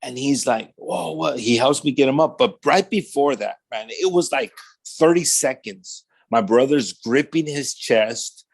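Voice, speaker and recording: A man's voice: medium pitch, measured pace. A pastor telling his personal testimony in a podcast interview, speaking in casual street slang, often saying "man", and acting out the voices of the people in his story. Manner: animated storyteller who acts out quoted dialogue.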